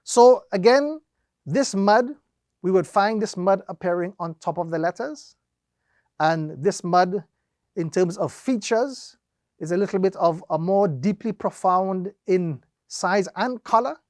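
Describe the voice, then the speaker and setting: A man teaching Quran recitation, explaining each rule slowly and step by step, drawing out the example words and repeating the steps methodically. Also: high voice, dry recording, clean studio sound. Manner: slow, deliberate explanation with drawn-out demonstrations. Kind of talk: instructional lesson.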